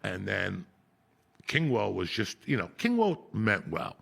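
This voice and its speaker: Raspy, gravelly New storyteller man. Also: lowish voice, measured pace. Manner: raspy, profane, animated, breaks into laughter. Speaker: podcast host. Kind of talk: profane casual storytelling.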